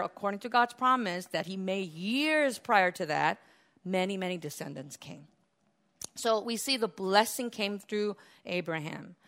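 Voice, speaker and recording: A woman preaching a sermon, retelling scripture as a lively story with laughs and acted-out quotes. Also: medium pitch.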